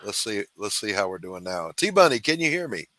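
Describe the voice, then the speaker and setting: A man from the South Carolina Low Country, hosting a casual, jokey, rambling podcast chat. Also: very animated, a little fast, sharp tone, dry recording. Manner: jokey, rambling, laughs easily. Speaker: podcast host.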